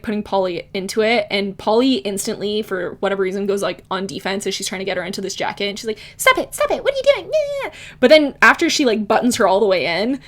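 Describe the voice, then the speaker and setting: A woman sums up a book for her channel in a loose, chatty way. Her pitch sits at a middling level for a woman, and her talk is full of "like" fillers and quick laughs. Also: a bit bright. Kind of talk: casual book recap.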